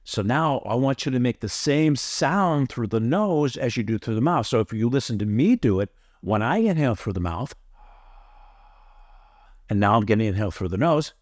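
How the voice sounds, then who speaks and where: A man gives a yoga breathing lesson in an earnest, emphatic way, repeating his key points for weight. His voice sits at a middle pitch. The sound is dry and close, with no room echo. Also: expressive, moderate pace, darkish tone. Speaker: yoga teacher. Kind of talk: instructional tutorial.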